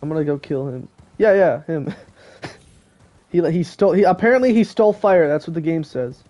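Teenage boy, gaming streamer, casual goofy chatter, slightly high voice, headset mic. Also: animated, moderate pace, dark tone. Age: teens. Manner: goofy, joking, chatty with friends on a call. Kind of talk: casual live-stream commentary.

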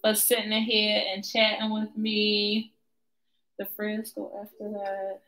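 Chatty woman, bright voice. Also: mid-range voice, completely flat delivery, slow pace, low-quality recording. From Baltimore. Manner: chatty, addresses viewers in slang. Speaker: livestream host. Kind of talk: casual live-stream chat.

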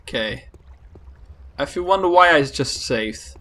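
A man giving let's-play commentary, excitable and panicky, swearing often at the game. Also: on the high side, a little slow. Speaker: gaming channel host.

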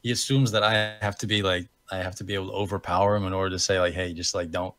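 A man's voice: low-pitched, little pitch movement, fast, a bit bright. A young American man co-hosting a podcast, telling a story in a rambling, self-correcting way and laughing at himself. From United States. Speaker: podcast co-host. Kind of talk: casual storytelling chat.

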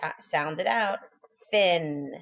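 A woman teaching young children phonics, sounding out letters slowly and praising them, a little sleepy and yawning. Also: on the low side, gravelly, a bit bright, lo-fi sound.

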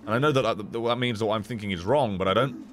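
A man streaming a video game, swearing, yelling in frustration and laughing at himself as he talks to the game. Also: on the low side, quick pace, background noise. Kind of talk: casual gameplay commentary.

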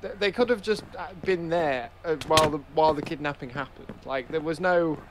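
A man's voice: fairly high pitch, brisk, background noise. A man streaming a video game, talking casually in a rambling, hesitant way. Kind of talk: casual gaming chat.

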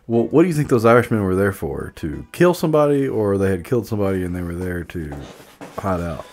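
A man's voice: deep voice, expressive, fast, darkish tone. A young man co-hosting a podcast in casual chat, joking and teasing and putting on mock voices. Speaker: podcast co-host.

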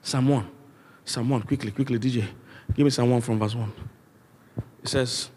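Nigerian pastor preaching in echoing hall. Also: male voice, medium pitch, fairly even intonation, normal speed. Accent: Nigerian English. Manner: emphatic preaching with call-and-response and repeated refrains. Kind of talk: sermon. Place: large church auditorium. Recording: long church hall reverb.

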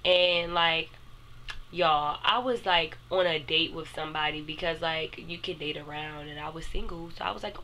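A young woman, casually telling a personal story to her viewers, animated and chatty. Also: deep voice, normal speed, slight background noise. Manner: animated, addresses viewers as "y'all". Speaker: vlogger.

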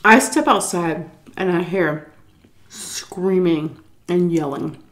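A woman's voice: fairly low pitch, slow pace, a bit bright. A woman vlogger telling a story while eating, tipsy from shots, rambling, swearing freely and laughing often. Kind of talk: casual storytime chat.

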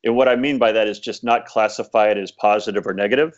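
A man's voice: fairly low pitch, fairly even intonation, quick pace, dull audio. A man being interviewed as an author, telling a story in a rambling, casual way with many fillers. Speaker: author guest.

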